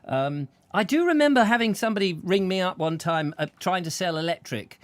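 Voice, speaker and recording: A man's voice: high-pitched, lively intonation, fairly quick, dry recording. A man hosting a casual chat show, rambling through anecdotes and chuckling as he tells them. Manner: rambling anecdotes with laughs, acts out voices. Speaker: host.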